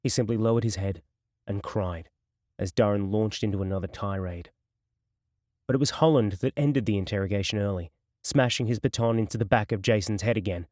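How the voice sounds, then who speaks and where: A man narrating a crime novel audiobook in a steady, measured storytelling voice. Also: fairly low pitch, no echo, clean studio sound.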